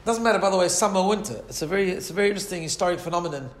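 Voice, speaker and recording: Speaking rapid-fire in a high, animated voice, a rabbi gives a chatty Torah lecture in a reverberant space. He keeps asking "right?" and performs the voices of the people he quotes.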